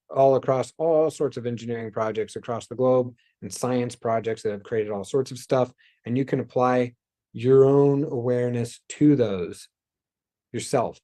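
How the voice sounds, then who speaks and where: A man hosting a spiritual self-help talk, speaking loosely and rambling, with sighs and soft asides. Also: mid-range voice. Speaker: host.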